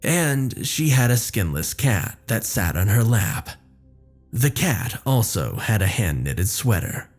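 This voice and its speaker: A man narrating a first-person horror story in a measured, descriptive way. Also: lowish voice, big pitch swings, faint music behind.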